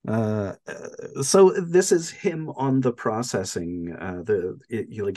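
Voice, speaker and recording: A man's voice: on the low side, darkish tone. A man co-hosting a podcast, recapping a movie in casual chat, telling it with animation, laughing often and using lots of fillers. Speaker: podcast co-host.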